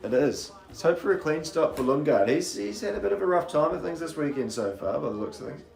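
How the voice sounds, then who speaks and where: A man's voice: a little high, lively intonation, brisk, creaky, a little mellow, roomy sound. A man from New Zealand with a faint, mostly anglicized New Zealand accent, giving chatty live race commentary full of rambling asides. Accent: faint New Zealand, mostly anglicized toward British.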